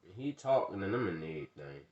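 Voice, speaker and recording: Animated slangy male storyteller. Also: low voice, fast talker, highs cut off. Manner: slangy, animated, acts out dialogue, bursts into loud rants. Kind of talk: casual comedic storytime.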